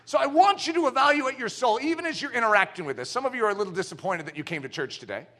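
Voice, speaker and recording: Animated, bright-voiced preacher man. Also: very high voice, rapid-fire. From United States. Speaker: pastor. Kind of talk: sermon. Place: church.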